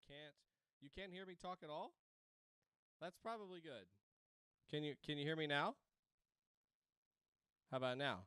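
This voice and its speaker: A man's voice: mid-range voice, a bit bright, smooth, dry recording, studio quality. A man playing a video game at home into a desk microphone, rambling, laughing and breaking into screams. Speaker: game streamer. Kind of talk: let's-play commentary. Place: home room.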